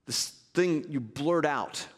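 A man preaching a sermon as pastor, earnest and measured with conversational asides. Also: on the high side, in a large hall.

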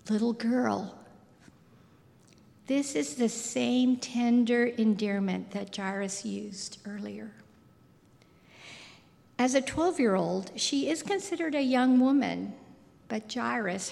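Woman preacher, slightly high, gravelly, unhurried, long hall reverb. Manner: slow, deliberate, soft intimate delivery. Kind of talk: sermon.

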